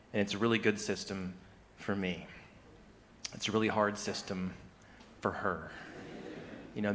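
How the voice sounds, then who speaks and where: A man performing a stand-up comedy monologue on stage, telling stories in an animated way that swings between hushed and loud. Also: on the low side, a little hiss or hum.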